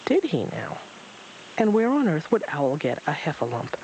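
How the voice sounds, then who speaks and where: A man's voice: fairly high pitch, normal speed, a little hiss or hum, low-quality recording. A man doing a wise old stranger. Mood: questioning. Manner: calm, reflective, lightly mocking.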